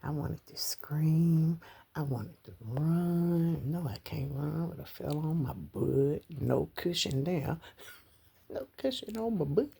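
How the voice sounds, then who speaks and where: A woman's voice: deep voice, lively intonation, slow, vocal fry, dark tone, breathy edge. A middle-aged woman telling of her husband's death in a personal vlog, crying, rambling and dropping into whispers. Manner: tearful, breaks into whispers and cries, rambling. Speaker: widow sharing her grief. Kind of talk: emotional personal story vlog.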